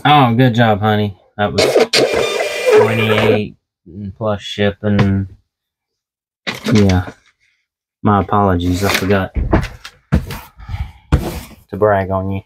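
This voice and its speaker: A man's voice: lowish voice, level tone, slow, pauses often, loud music behind the voice. A man vlogging from his small home office, chatting casually and telling corny jokes in a folksy, self-deprecating way. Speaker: eBay reseller and vlogger.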